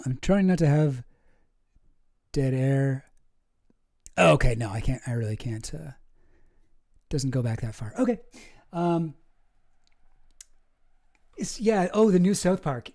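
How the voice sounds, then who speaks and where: A man's voice: a little high, a little mellow. A young Canadian man with a Canadian accent, chatting casually on a live stream and answering his chat, rambling with lots of fillers and restarts.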